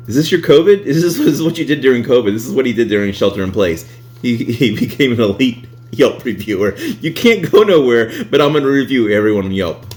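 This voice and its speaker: A man's voice: mid-range voice, darkish tone. A man chatting casually on a vlog, reading reviews aloud, laughing often and swearing freely.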